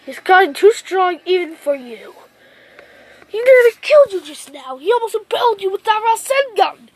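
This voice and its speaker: A woman's voice: very high voice, sing-song, moderate pace, rough recording. A woman voicing a stern elderly male village leader in a fan story, who speaks in a commanding tone.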